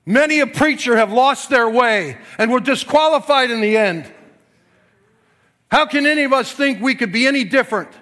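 A pastor preaching a sermon, swinging from quiet, low passages to forceful yelling. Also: male voice, normal speed.

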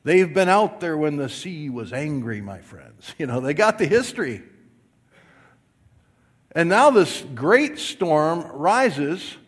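A man with a slightly raised voice preaches in a big hall with long reverb. He takes his time, leaning hard on each phrase and pressing the congregation to answer back. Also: on the high side. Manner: slow, emphatic preaching, rising to loud calls for the congregation to repeat. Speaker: pastor. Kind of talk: sermon.

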